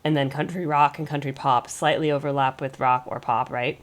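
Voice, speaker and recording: An American woman with an extremely low, steady voice talks at a normal speed while hosting her music reaction channel. Still getting over a cold, she offers casual reaction commentary, rambling and thinking aloud.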